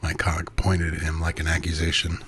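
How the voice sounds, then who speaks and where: A man narrating an intimate first-person erotic story in a soft, breathy voice that often drops to a half-whisper. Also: rumbling low, monotone, normal speed, a little hiss or hum.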